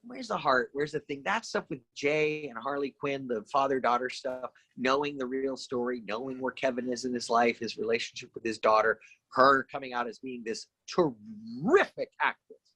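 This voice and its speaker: A middle-aged man with a bright, forward voice, spinning animated anecdotes as a podcast guest. He jumps into the voices of the people he quotes. The sound is close and dry, with no room around it. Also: medium pitch, normal speed, slightly rough, no room sound. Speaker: guest actor. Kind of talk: casual podcast storytelling.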